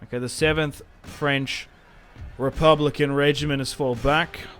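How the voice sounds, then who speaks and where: A man's voice: fairly high pitch, fairly even intonation, moderate pace, fairly bright tone. A young man giving casual, joking commentary over his own strategy game, often trailing off and restarting. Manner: chatty, joking, self-interrupting. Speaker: gaming channel host.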